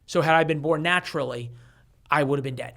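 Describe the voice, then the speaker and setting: Speaking at a quick pace with a higher-than-average voice, a man in his forties appears as a guest author and shares a story. His delivery is lively and full of restarts, and he acts out the voices of those he quotes.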